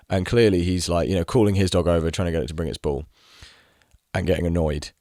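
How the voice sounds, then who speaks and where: Young man, deep low voice, exasperated casual rant, swearing, dry close sound. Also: fast talker, a little mellow, dry recording. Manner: exasperated, swears freely, mimics people mockingly. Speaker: video creator. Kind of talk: casual ranting monologue.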